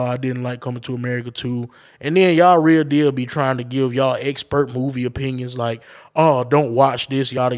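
A man hosting his own podcast, ranting casually and profanely straight to his listeners. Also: medium pitch. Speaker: podcast host. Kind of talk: casual solo podcast rant.

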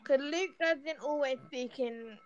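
A woman's voice: high-pitched, takes it slowly, dry recording, highs cut off. An English woman with a blunt manner who swears freely, chatting casually as co-host. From England. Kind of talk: casual chat.

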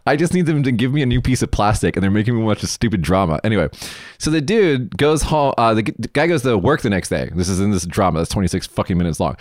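A man from the United States rambles through a story in a casual chat. His voice swings widely in pitch, and he swears freely. The sound is close and dry. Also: fast, dry recording. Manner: animated, profane, rambling.

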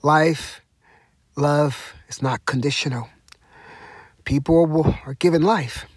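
A man's voice: fairly high pitch, takes it slowly, slightly rough, no room sound. A man hosting his own talk show, giving an emphatic monologue that sounds like a sermon, hammering home the same phrases again and again. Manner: repetitive, emphatic, preacher-like. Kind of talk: impassioned solo monologue. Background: music.

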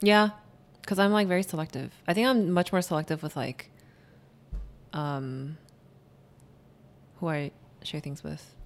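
A woman's voice: low-pitched, unhurried, long pauses. A young adult woman co-hosting a podcast, ranting in casual chat and filling her talk with "like". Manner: ranting, animated, heavy use of "like". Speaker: podcast co-host.

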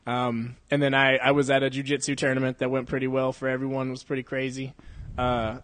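A man's voice: medium pitch, completely flat delivery, fairly quick, fairly bright tone. A man hosting a casual podcast, swearing freely, laughing often and mimicking voices when he retells stories, on a studio microphone. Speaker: podcast host. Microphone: studio condenser mic.

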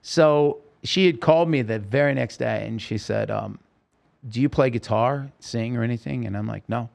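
A man's voice: medium pitch, normal speed, vocal fry, a little mellow. A man telling his life story as a podcast guest, acting out the voices of people he quotes. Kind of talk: storytelling interview. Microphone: podcast microphone.

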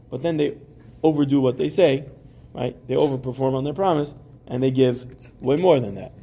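A man's voice: mid-range voice, fairly quick, mellow, slightly rough. A man giving a Talmud class to students, reading the Aramaic text and explaining it in casual English with everyday examples. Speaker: Talmud teacher.

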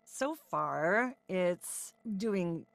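A woman in her forties with a low voice talks about her voice-over work as an interview guest. She sounds upbeat and chatty, with plenty of ums. Her delivery stays easygoing and conversational. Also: lively intonation, very slow, vocal fry, no echo. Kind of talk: podcast interview.

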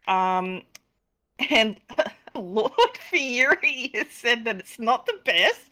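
Giggly bright-voiced woman chatting. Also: on the high side, very animated, extremely slow. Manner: giggly, hesitant, many fillers. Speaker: roleplay player, podcast guest. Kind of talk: casual podcast chat.

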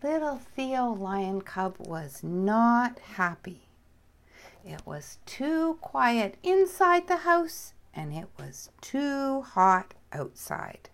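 A woman reading a bedtime story aloud in a gentle, expressive way, often dropping to a whisper. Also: on the high side, very slow, gravelly.

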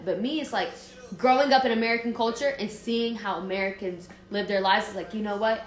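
A young woman from Jordan in casual podcast chat, an animated storyteller who swears freely. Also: medium pitch, quick pace, echoey room.

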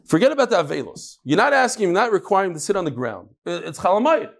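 A man with a slightly high voice teaches Talmud in a casual way. He tells stories with lively swings in his voice and mixes jokes into the lesson. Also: quick pace, vocal fry. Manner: animated storytelling, lively shifts in pitch.

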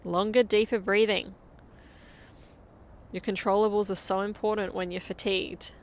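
A woman's voice: mid-range voice, level tone, normal speed. A woman coaching a guided interval run outdoors, upbeat and encouraging as she counts down. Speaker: running coach.

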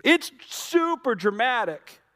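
A middle-aged man, a pastor preaching a sermon with dramatic storytelling, swinging from loud to hushed. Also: very high-pitched, very animated, takes it slowly.

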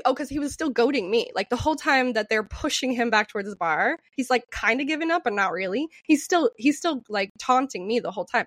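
A young woman co-hosting a podcast, telling a story with animated, profane energy and acting out what people said. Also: on the high side, fairly quick, no room sound. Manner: animated, profane, acts out quotes in raised voice. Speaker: podcast co-host. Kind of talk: storytelling chat.

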